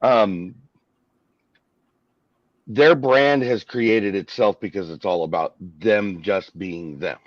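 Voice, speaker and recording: A man's voice: fairly low pitch, takes it slowly, long pauses, no room sound, dull audio. A man hosting a casual live-stream chat, agreeing with guests and wrapping up with thanks to the chat. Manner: agreeable, wraps up with sign-off. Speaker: host.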